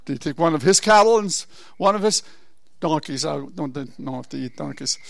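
A man preaching a sermon, telling a Bible story with asides and rhetorical questions, moving from low murmurs to loud exhortation. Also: animated, brisk, vocal fry, no echo. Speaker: pastor.

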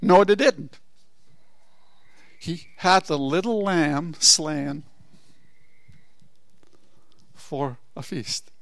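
High bright-voiced male preacher. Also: slow pace, no echo. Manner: storytelling with asides and rhetorical questions; swings from low murmurs to loud exhortation. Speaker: pastor. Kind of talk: sermon.

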